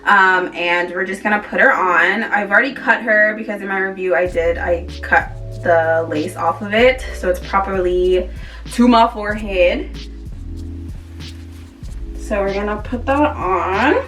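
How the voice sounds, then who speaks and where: A woman's voice: mid-range voice, a little slow, bright, forceful tone, far from the mic, faint music behind. A woman chatting casually to camera as a beauty vlogger, rambling with lots of fillers.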